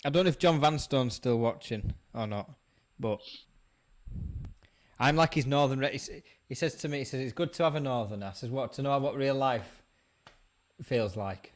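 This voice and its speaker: Hosting a casual online pub chat, an Englishman with a West Yorkshire accent banters and laughs often. His voice sits at medium pitch and moves at a normal speed.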